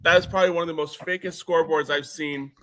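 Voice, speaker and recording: A man on a sports podcast panel, giving measured, analytical breakdowns of a game. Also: fairly high pitch, steady tone, a bit bright. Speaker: panelist, Jets fan.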